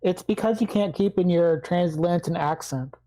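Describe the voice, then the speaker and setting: A woman's voice: on the low side, normal speed, warm tone, rough recording. A woman playing a tabletop game, asking unsure questions about the rules. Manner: unsure, asks many questions. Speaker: player.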